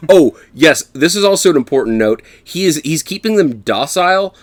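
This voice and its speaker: A man's voice: fairly high pitch, lively intonation, moderate pace, no room sound. A man co-hosting a casual film review podcast, swearing freely and laughing as he recaps scenes. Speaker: podcast co-host.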